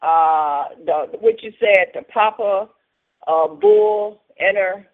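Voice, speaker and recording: A woman co-hosting a radio talk show, reading haltingly from a computer. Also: medium pitch. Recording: tinny phone-like radio audio.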